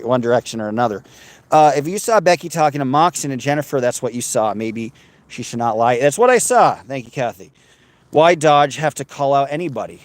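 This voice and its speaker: A man's voice: medium pitch, dry recording. A man livestreaming while walking outdoors, reading viewer comments aloud and bantering with his chat.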